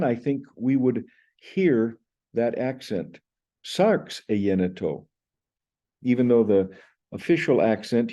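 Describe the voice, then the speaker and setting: A middle-aged man giving a measured, analytical lesson on Greek grammar, reading Greek phrases aloud between explanations. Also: mid-range voice, dark tone. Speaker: Greek language teacher. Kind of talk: scholarly explanation of a text.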